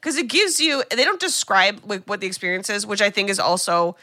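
A woman co-hosting a podcast, recapping a film in an animated, casual chat full of asides. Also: medium pitch, fairly quick, no echo. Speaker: podcast co-host.

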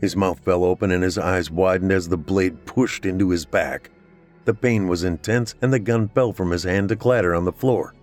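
A man narrating a scripted horror story in a steady, measured way. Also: deep voice, soft background music.

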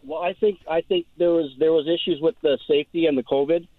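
A man's voice: fairly high pitch, fairly even intonation, fast, dry recording. A man calling in to a radio show, telling a rambling, aggrieved story and stumbling over repeated words. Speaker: caller. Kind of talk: phone call-in story. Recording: tinny dry phone line.

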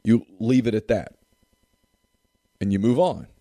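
A man's voice: fairly low pitch, a little slow, warm tone, dry recording. A man co-hosting a casual sports talk show with an emphatic, repetitive way of making his points. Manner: emphatic, repeats phrases for effect.

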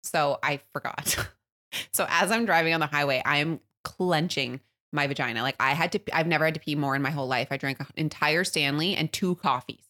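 A woman, co-hosting a podcast, telling a story in an animated way, laughing often and acting out loud quotes. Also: deep voice, a little fast. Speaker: podcast co-host. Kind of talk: casual storytelling chat.

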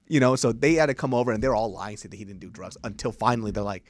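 Animated swearing man telling stories. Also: on the low side, very fast, no room sound, clean studio sound. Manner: animated, swearing storyteller who acts out quotes loudly. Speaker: podcast co-host. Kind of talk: casual storytelling chat.

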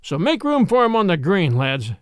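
A man's voice: high-pitched, sing-song, normal speed, clear, resonant tone, no room sound, studio quality. A man doing King Richard, hearty merry king. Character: merry hearty male king, disguised as friar.

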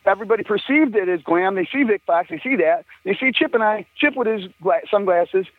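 An older man, a musician guest, talks in a high, animated voice at a fairly quick clip. He tells rambling, profane stories in a casual chat and laughs often, heard over a tinny, dry phone line.

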